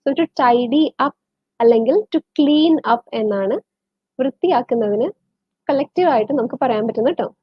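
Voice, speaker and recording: With lively intonation and a very fast, slightly rough delivery, a woman with a Malayali English accent leads an English lesson on a livestream. She mixes English and Malayalam and greets viewers by name, all over muffled, low-fidelity stream audio.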